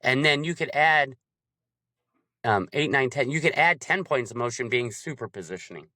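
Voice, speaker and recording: A man talks animatedly about coaching in a casual chat. His voice sits at a middle pitch, and he keeps jumping into quick impressions to act out examples. The sound is close and dry, with no room around it. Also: expressive, pushed and bright, dry recording.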